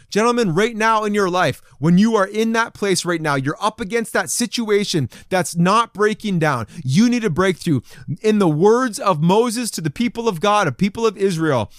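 Animated high-voiced male preacher. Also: no room sound, studio quality. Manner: animated, acts out crowd voices in quotes. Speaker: pastor. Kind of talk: sermon to men.

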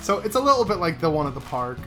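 A man's voice: on the high side, very animated, quick pace, fairly bright tone, faint music behind. A man co-hosting a podcast, recapping a movie in casual, profane chat and tagging lines with "right?". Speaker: podcast co-host. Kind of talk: casual film-review chat.

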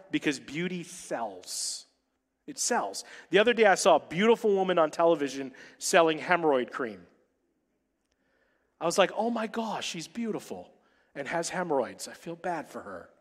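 A married man preaching a sermon as pastor to his church, with humorous asides and dramatic pauses. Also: a little high, a bit bright. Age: adult, married. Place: large church hall. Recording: long reverb of a church hall.

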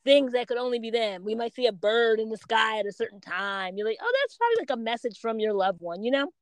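A woman co-hosting a podcast in casual chat, telling stories with lively self-quotes. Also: fairly high pitch, brisk, no echo. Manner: animated storytelling, quotes herself and others. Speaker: podcast co-host.

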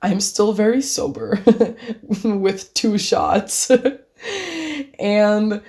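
A woman's voice: medium pitch, lively intonation, very slow, a little mellow. A young woman casually telling a personal story, laughing often and acting out what each person said. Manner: chatty, laughing often, acting out both sides of a conversation.

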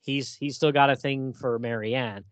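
A man co-hosting a casual film discussion, animated, laughing often and acting out characters' lines. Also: medium pitch, normal speed, dry recording. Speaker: podcast co-host.

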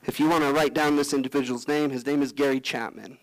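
A pastor preaching a sermon, earnest, often acting out prayers and the words of Bible figures. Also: male voice, medium pitch, steady tone, fast, low-quality recording.

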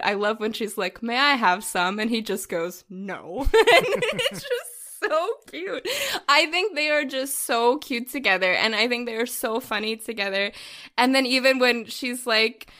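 A woman's voice: on the high side, bright, forceful tone. A woman co-hosting a casual film podcast, gushing and laughing as she retells scenes and acts out quoted lines. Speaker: podcast co-host. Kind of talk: casual chat.

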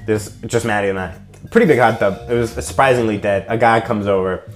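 A man's voice: on the low side, brisk, soft background music. A young man telling a long, rambling story in casual chat, full of fillers and acted-out quotes. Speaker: storyteller guest.

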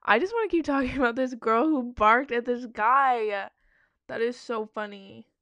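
A woman's voice: a little high, normal speed, a bit bright, no echo, highs cut off. A woman giving casual, blunt reaction commentary on advice-forum stories, emphatic and profane.

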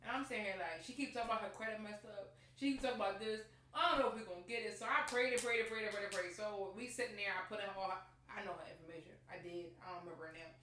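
A woman co-hosting a podcast, telling a story in a casual, animated way and acting out the dialogue. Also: mid-range voice, very fast, hardly any pauses. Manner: animated, acts out quoted dialogue. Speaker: podcast co-host. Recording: very echoey room, far from mic, faint noise.

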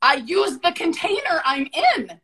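A woman with a bright, high voice talks as a podcast guest. She rambles fast and emphatically, swears constantly and punches each point with raw energy. Her delivery is loud, unfiltered and casual. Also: expressive. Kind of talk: casual, profane storytelling.

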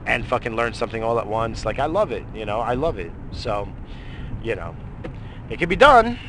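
A man's voice: medium pitch, sing-song, normal speed, noisy background. A man hosting a radio show, rambling casually with lots of swearing and fillers. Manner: profane, rambling, many fillers.

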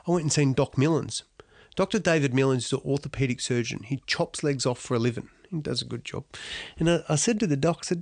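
Middle-aged Australian athlete, blunt and salty, telling stories in a dry, close recording. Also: male voice, mid-range voice, fast talker, vocal fry, darkish tone, no room sound. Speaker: interviewee, athlete. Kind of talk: storytelling interview answer.

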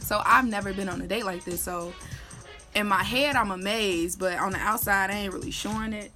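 Animated young woman telling a story. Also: medium pitch, normal speed, gravelly, faint music behind. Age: 20s. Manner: animated, slangy, laughs and shouts when quoting herself. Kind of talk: casual storytime.

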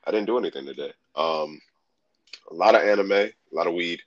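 A man chatting as a guest on a casual podcast, relaxed and easygoing, laughing often. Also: low voice, a little fast, dry recording, dull audio.

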